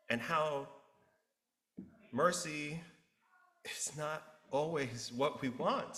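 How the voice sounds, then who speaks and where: A male pastor preaching a sermon, an animated storyteller who acts out the characters. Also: fairly high pitch. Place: church sanctuary. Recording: roomy church echo.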